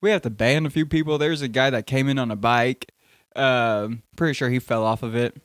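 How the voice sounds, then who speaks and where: A man's voice: medium pitch, fairly even intonation, brisk, clear, resonant tone, dry recording, clean studio sound. A young man hosting a casual podcast, rambling and joking, often cutting himself off mid-sentence. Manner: rambling, jokey, self-interrupting. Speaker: podcast host.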